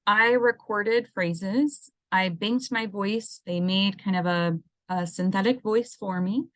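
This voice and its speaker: An assistive technology coordinator leads a seminar as an educational webinar, her medium-pitched, slightly bright voice coming through a computer mic on a video call. She speaks slowly and casually, walking through steps with many ums and restarts. The recording is dry.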